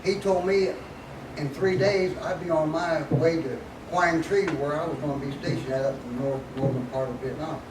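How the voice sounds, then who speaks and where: A man's voice: on the high side, fairly even intonation, normal speed, noisy background. Older male speaker, folksy yarn-teller, echoey distant hall recording. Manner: folksy, laughing as he tells it. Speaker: guest speaker. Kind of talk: storytelling talk to an audience.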